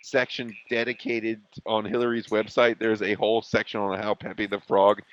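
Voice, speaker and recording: A man's voice: on the low side, little pitch movement, normal speed, fairly bright tone, no echo, dull audio. A young man co-hosting a casual chat, rambling with many fillers, frequent swearing and laughter. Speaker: co-host.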